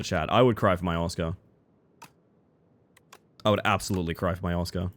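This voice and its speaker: A man's voice: deep voice, brisk, pauses often. A man streaming a card game, chatting casually with his viewers and breaking into jokey, mock-dramatic outbursts. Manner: animated, talks to chat while playing, jokey mock-dramatic outbursts. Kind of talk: casual gameplay commentary.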